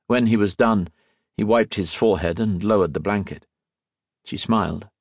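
A man narrating an audiobook in an expressive storytelling manner. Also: on the low side, normal speed, husky, no echo, studio quality. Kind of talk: scripted narration.

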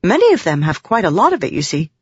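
A woman's voice: on the low side, wildly swooping pitch, quick pace, slightly rough, no room sound, heavily acted. A narrator voicing a young, absent-minded woman scholar who muses aloud in a rambling way. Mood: musing. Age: young adult. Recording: dull dry audiobook recording.

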